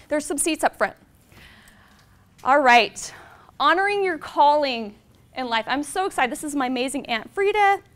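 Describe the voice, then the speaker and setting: A woman in her forties giving an inspirational presentation to a live audience, telling heartfelt stories in an animated way. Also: sits high. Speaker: motivational speaker.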